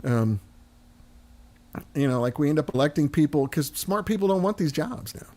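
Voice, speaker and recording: A man's voice: fairly high pitch, lively intonation, moderate pace, mellow. A man, chatting casually and joking with some swearing. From United States. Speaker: host. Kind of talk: casual chat.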